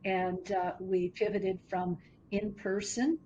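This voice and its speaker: A woman founder answering interview questions thoughtfully, sometimes pausing to find the right words. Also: medium pitch, fairly even intonation, a little mellow, dull audio, a little hiss or hum. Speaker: business founder, guest.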